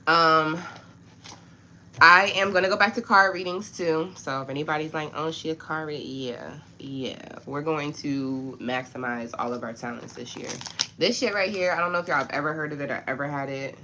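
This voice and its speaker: A woman's voice: sits low, moderate pace, pushed and bright, slight background noise, poor audio. A woman hosting a casual livestream, chatting directly to her viewers in a talkative, frustrated way. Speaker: livestream host. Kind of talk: casual live chat with viewers.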